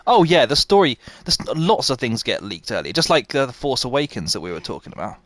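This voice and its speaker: Lively chatty male game streamer. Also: medium pitch, fairly quick. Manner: chatty, reads out and answers viewers while playing. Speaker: livestreamer playing a game. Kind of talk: casual live-stream chat.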